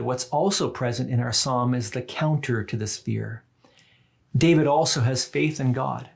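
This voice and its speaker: A man's voice: medium pitch, creaky. A man preaching a sermon in a reflective, conversational way, often turning to the listeners with asides. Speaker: pastor.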